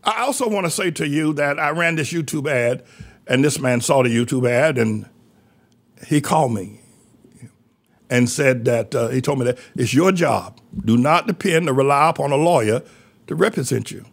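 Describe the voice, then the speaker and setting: A man's voice: mid-range voice, moderate pace, creaky, husky. An older man, a pastor, telling a story from the pulpit and acting out the people who phoned him. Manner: animated, acts out quoted callers in his own voice. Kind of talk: preaching storytelling.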